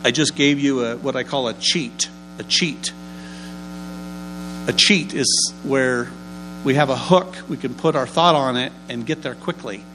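A man preaching a sermon as pastor, lively, asking and answering his own questions and dropping homely, humorous asides. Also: mid-range voice, a little slow, background noise.

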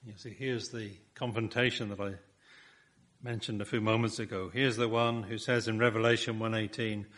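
A man's voice: on the low side, little pitch movement, normal speed, fairly bright tone. A man preaching a sermon, building his points with rhetorical questions and emphatic repetition.

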